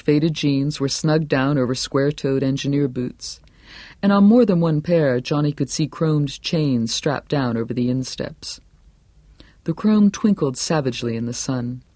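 A man narrates a novel in a steady, measured way, never rushing. His voice sits at a middle pitch. The recording is dry and close, with no room sound. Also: dry recording. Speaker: audiobook narrator. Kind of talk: scripted narration.

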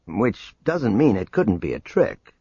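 A man doing a low gruff skeptical pilot. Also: big pitch swings, measured pace, mellow, dry recording, muffled recording, exaggerated voice. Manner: growling, gruff.

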